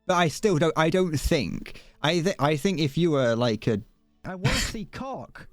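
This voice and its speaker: A young man with a British accent chatting casually on a live gaming stream, his pitch bouncing up and down as he rambles. He talks in a self-deprecating way, close to the mic, in a dry, dead room. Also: expressive, normal speed, no room sound, soft background music. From Britain.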